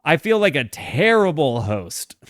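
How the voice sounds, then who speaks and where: A man's voice: fairly high pitch, sing-song, unhurried, fairly bright tone, dry recording. Chatty man with a dry, close sound. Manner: rambling, restarts, stacked fillers. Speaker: host of a music reaction channel. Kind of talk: casual reaction commentary.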